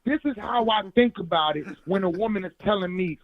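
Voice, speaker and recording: A man's voice: a little fast, dry recording. A man calling in to a talk show, speaking emphatically and preaching his point. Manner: emphatic, preachy, rising to a fervent pitch. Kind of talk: casual call-in discussion. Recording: tinny phone line, dry.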